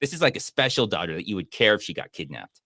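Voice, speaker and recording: A man's voice: fairly low pitch, sing-song, quick pace, bright, forceful tone, dry recording, studio quality. A man hosting a casual movie review show, making sarcastic, mocking comments about a film. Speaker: podcast host and movie reviewer.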